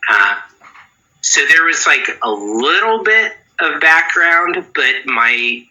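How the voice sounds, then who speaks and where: A man's voice: fairly high pitch, animated, slow pace, pushed and bright, poor audio. A man around forty, a guitar pedal builder, giving rambling interview answers with many restarts.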